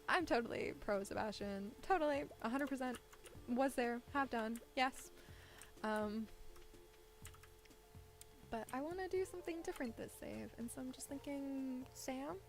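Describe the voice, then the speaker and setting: A woman streaming a farming game, rambling and thinking out loud with little laughs into a low-set desk mic. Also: unhurried, pauses often, soft background music. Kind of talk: casual gameplay commentary. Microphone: desk microphone set low.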